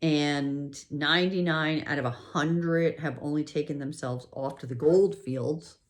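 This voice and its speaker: A narrator voicing a bored, dismissive middle-aged male police captain who talks slowly and offhandedly. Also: fairly high pitch, steady tone, lightly acted. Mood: bored, curt. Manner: slow, drawling, offhand.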